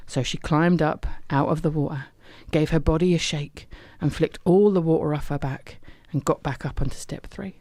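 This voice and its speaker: Female storyteller, mellow and dry, gentle read-aloud for children. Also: low voice, moderate pace, few pauses, dry recording. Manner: gentle, expressive.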